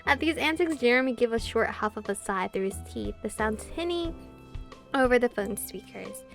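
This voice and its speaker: A woman's voice: fairly high pitch, normal speed, creaky. Giggly young woman reading a visual novel. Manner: giggly, excitable reactions between read-aloud passages. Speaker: streamer. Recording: faint game music behind.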